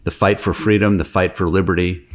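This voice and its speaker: A man hosts a podcast with a very low voice. He chats casually and tells anecdotes. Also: flat delivery, fairly quick. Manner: chatty anecdote-telling. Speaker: podcast host and physician.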